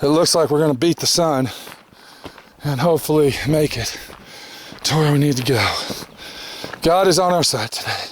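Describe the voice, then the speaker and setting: A man with a fairly high voice, speaking at normal speed, vlogs his long hike along a canyon trail. Tired and weary, he grumbles, curses constantly and sighs heavily in casual narration, filmed on a handheld camera with slight background noise.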